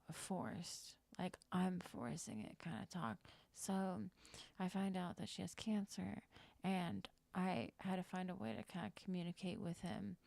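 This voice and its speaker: A young woman livestreaming, telling a personal story in a loose, rambling way, full of fillers and frank swearing. Her voice is gravelly and stays fairly level in pitch. The sound is dry and close, with little room around it. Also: warm tone, no room sound. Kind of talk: casual storytelling on a live stream.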